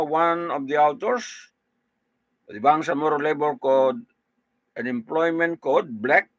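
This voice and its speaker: A man with a Filipino accent reads local news in a casual style, often pausing on "okay" and "no". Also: on the high side, pushed and bright, no room sound, low-quality recording. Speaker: news presenter.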